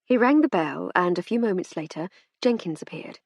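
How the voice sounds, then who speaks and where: A woman reads scripted narration for an audiobook, wry and measured. Her voice is husky, with a lively range, and sits dry and close to the mic. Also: lowish voice, no echo.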